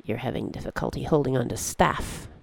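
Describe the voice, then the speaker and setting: A narrator voicing a calm, mysterious old woman who has travelled space, speaking in an unhurried, cryptic way. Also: medium pitch, vocal fry, no echo, pitched below the performer's own voice.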